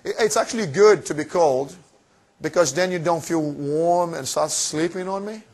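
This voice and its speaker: Guy with a high voice pumping up a seminar crowd, cheeky, lots of questions at the room. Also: normal speed. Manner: energetic, cheeky, fires rhetorical questions. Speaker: seminar presenter. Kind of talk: motivational finance seminar talk. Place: room with a live audience.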